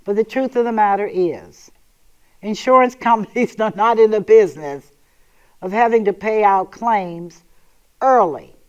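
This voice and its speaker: A woman's voice: medium pitch, unhurried, darkish tone, clear, resonant tone. Emphatic woman host talking straight to listeners, kinda sarcastic, muffled lo-fi recording. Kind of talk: casual talk show monologue.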